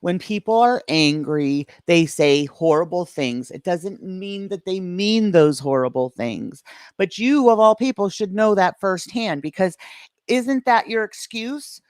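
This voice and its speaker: A woman's voice: on the low side, animated, a little slow, darkish tone, no room sound, studio quality. A woman hosting a reaction commentary stream, sarcastic and lecturing. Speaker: commentary channel host.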